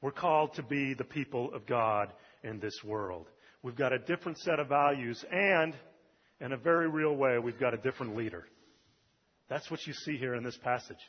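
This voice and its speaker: Husky-voiced man preaching in a reverberant hall. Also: mid-range voice, moderate pace. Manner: conversational preaching with fillers. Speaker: pastor. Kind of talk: sermon. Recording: dull, lo-fi recording with long hall reverb.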